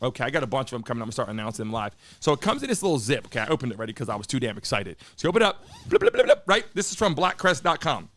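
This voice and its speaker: A man hosting a live streamed talk show, brash and profane, a little hoarse as he talks to his chat. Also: mid-range voice, sing-song, very fast, few pauses, a bit bright. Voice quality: a bit hoarse, froggy. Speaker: host of a live call-in show.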